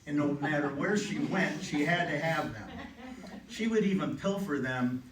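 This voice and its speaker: A middle-aged man giving a eulogy for his mother, telling stories with gentle humor. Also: fairly high pitch, normal speed, crowd noise. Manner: heartfelt, gently humorous storytelling. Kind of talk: memorial eulogy. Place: funeral home chapel. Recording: echoey room, distant mic, faint ambience.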